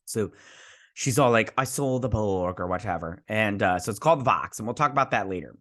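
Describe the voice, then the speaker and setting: This TV reviewer, a man in his thirties with a lowish voice, walks through an episode casually and doesn't hold back spoilers. Excitable and rambling, he leans on "like" and keeps restarting mid-thought.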